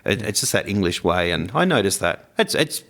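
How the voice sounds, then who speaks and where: Brief: male podcast co-host, lowish voice, chatty and playful, mimics accents. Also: fairly quick. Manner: animated, playfully mimics accents, laughs often. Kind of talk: casual chat.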